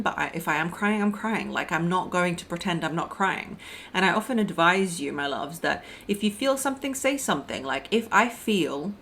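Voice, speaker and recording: Young woman, dating coach, blunt and emphatic, slightly low pitch, faint background noise. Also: fairly bright tone. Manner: blunt, emphatic, addresses listeners as "my loves" and "girl". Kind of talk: direct advice monologue.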